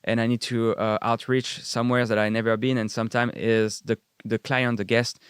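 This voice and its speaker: A man's voice: mid-range voice, little pitch movement, fairly quick, clean tone, dry recording, clean studio sound. A man, a guest chatting casually and rambling with many fillers. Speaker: guest chef. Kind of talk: casual chat.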